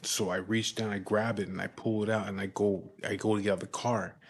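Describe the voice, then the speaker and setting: Low-voiced blunt man telling a story. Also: level tone, husky. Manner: blunt and heavily profane; halting restarts and repeated words. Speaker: storyteller recounting his past. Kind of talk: casual storytelling.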